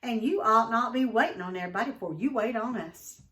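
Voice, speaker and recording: A woman reading aloud, voicing a feisty, outspoken young girl with raised, pleading pitch. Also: quick pace, fairly bright tone, distant mic, close to an everyday voice. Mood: indignant. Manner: indignant, pleading, rising in pitch.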